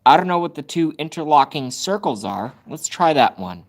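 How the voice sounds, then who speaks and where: Very animated, with a fairly high voice and moderate pace, a livestream host swears in frustration about his device. He's streaming casually from his phone, the camera held at arm's length.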